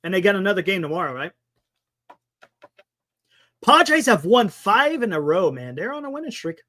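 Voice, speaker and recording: A man's voice: sits high, very animated, normal speed, bright, forceful tone. A man hosting a casual live-stream sports talk show, chatting with viewers in a sarcastic, rambling way.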